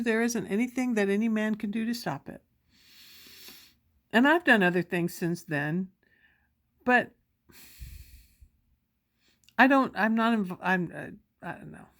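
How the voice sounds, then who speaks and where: Excited middle-aged woman telling a story. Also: fairly high pitch, normal speed, long pauses. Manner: excited, breathless retelling with quoted exclamations. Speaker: vlogger sharing a personal memory. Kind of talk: casual personal storytelling.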